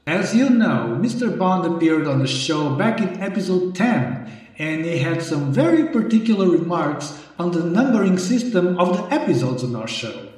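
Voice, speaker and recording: A man hosts a comedy podcast in a theatrical, mock-gloating way. His voice is high and lively, swooping up and down. He sits far from the mic in an echoey room, with faint music underneath. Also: normal speed. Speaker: podcast host. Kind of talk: comic sketch hosting.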